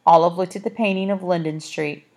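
A woman narrating a children's novel in a measured, expressive storytelling manner. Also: fairly low pitch. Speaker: audiobook narrator. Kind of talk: scripted narration.

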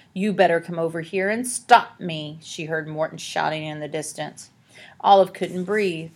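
A woman reading a children's adventure story aloud as narrator, dramatic and hushing for tense scenes. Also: on the low side. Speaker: audiobook narrator. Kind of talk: scripted narration.

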